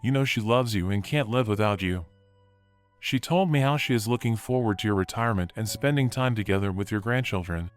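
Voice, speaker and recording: A man's voice: on the low side, a little fast, clean tone, faint music behind, natural voice. Man voicing a tearful pleading young daughter. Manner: pleading, apologetic.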